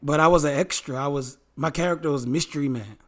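A man with a slightly higher voice co-hosts a casual podcast and keeps it light. He tells his story in loose, joking banter. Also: quick pace. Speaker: podcast co-host.

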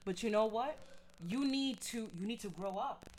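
A woman's voice: fairly high pitch, normal speed, a crowd in the background. Blunt, slangy woman giving advice. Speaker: podcast co-host. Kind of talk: casual chat.

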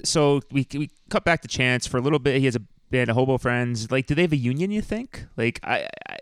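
A man's voice: mid-range voice, fairly quick, smooth, no room sound, studio quality. A man co-hosting a podcast, casually recapping a film's plot and chatting with a friend. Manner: relaxed, recaps the plot with lots of "like" fillers. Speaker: podcast co-host. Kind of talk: casual movie review chat.

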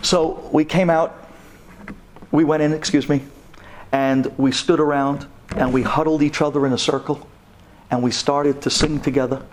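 A man, a rabbi, telling a story to an audience, animated and dramatic, sprinkling in Hebrew terms. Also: moderate pace, pauses often, slight background noise. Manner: animated, voice jumps up high for dramatic moments.

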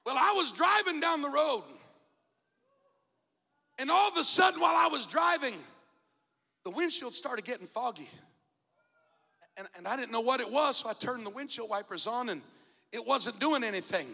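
High-pitched, dramatic male preacher in a church. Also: lively intonation, moderate pace, creaky, long pauses. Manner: dramatic, shouts out key phrases. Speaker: bishop preaching. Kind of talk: sermon with personal storytelling. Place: church sanctuary. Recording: long church reverb.

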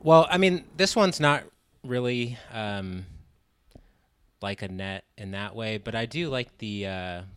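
A man's voice: lowish voice, lively intonation, slow, fairly bright tone, clear, resonant tone, no room sound. A man in a casual film chat, speaking in a laid-back, hesitant way with many fillers.

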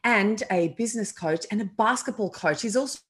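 A woman co-hosts a community radio show with a bright, chatty energy. She introduces guests eagerly and keeps the conversation moving. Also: mid-range voice, brisk. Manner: upbeat, chatty, laughs often. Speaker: radio co-host.

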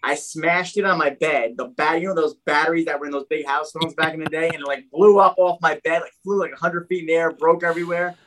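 A young adult man telling his own story in a casual, animated way, full of "like" and "dude". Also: on the high side, fast, few pauses, slight background noise, low-quality recording. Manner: animated, heavy use of "like" and "dude".

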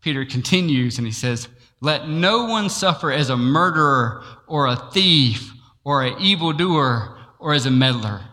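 A man preaching a sermon, telling a personal story and acting out each exchange with frequent laughter. His voice is bright and forceful. It rings through a large hall with a long echo. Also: fairly high pitch, lively intonation, a little slow. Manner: storytelling, acts out dialogue, laughs often.

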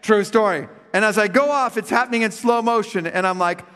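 A middle-aged male pastor preaching with comic storytelling, swinging from loud funny voices to quiet reflection. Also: high-pitched, brisk. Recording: long hall reverb.

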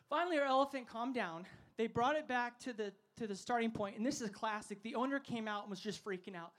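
A man giving a sermon as a festival speaker. He tells funny stories and has the audience shout words back to him. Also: very high voice, fast talker. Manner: energetic, asks the crowd to call back; humorous storytelling.

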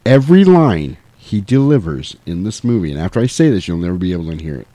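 A man co-hosting a podcast, casually talking through a movie in a profane, laughing, animated way. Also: low-pitched, fast, no room sound. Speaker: podcast co-host. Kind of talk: casual movie discussion chat.

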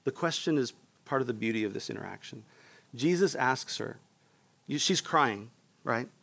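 Gravelly-voiced male pastor preaching. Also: mid-range voice, animated, moderate pace, a bit bright. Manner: earnest preaching, asks the room for responses. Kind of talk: sermon.

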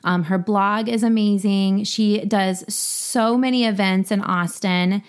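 A woman's voice: medium pitch, fairly even intonation, measured pace, smooth. Gushing podcast host woman. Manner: warm, affirming, gushing. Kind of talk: casual interview chat.

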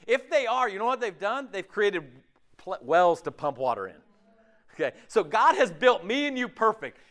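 A man preaching a sermon in a conversational, animated way, often acting out imagined voices. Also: high-pitched, moderate pace.

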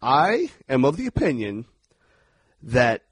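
A man co-hosting a podcast, chatting casually as he recaps a horror movie scene by scene, animated and quick to act out outbursts. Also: medium pitch, breathy edge, no room sound. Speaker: podcast co-host. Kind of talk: casual movie review chat.

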